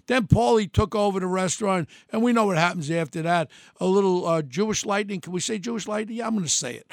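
Gravelly, rambling New man. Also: high-pitched, quick pace, hardly any pauses, no room sound, clean studio sound. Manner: rambling, blunt, many restarts and fillers. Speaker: podcast host. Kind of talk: casual monologue.

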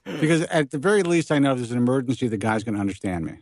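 A man's voice: medium pitch, lively intonation, very fast, darkish tone, dry recording, studio quality. A man on a casual podcast, telling offhand stories. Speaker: podcast co-host. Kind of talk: casual chat.

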